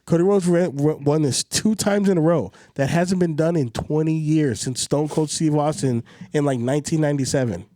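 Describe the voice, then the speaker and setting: A man co-hosting a podcast in casual chat, ranting with lots of swearing and big swings in pitch. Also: normal speed, hardly any pauses, warm tone, no room sound, clean studio sound. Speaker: podcast co-host.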